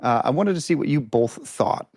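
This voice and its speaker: A man's voice: mid-range voice, moderate pace, no echo. Chatty man with a dry close sound. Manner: animated storyteller, many fillers and restarts. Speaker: podcast guest. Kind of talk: casual chat.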